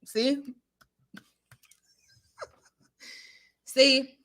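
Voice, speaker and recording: Woman streamer, higher voice, easygoing and animated, reads and answers chat. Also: extremely slow. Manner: chatty, animated, laughs often, talks back to chat. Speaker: live stream host. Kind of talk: casual live-stream chat reading comments.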